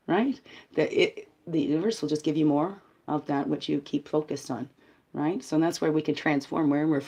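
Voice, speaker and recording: Middle-aged woman, low voice, spiritual guidance talk, playful and rambling. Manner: playful, laughing, loose and rambling.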